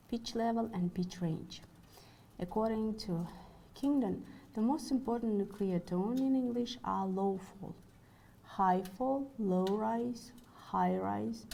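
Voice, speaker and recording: A woman's voice: medium pitch, vocal fry, dark tone, poor audio. A woman giving an online course lecture, reading carefully with small slips and restarts while demonstrating tones; her first language is Russian.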